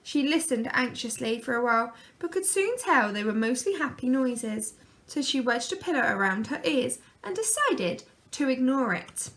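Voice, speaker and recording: Woman reading a kids story, high bright voice, gentle. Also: sing-song, normal speed.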